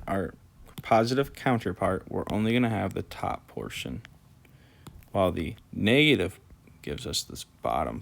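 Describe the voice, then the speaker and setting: A man with a lowish, vocal-fry voice teaches calculus casually, talking through each step as he writes while sounding sleepy and yawning. He's a math teacher in a screen-recorded lesson.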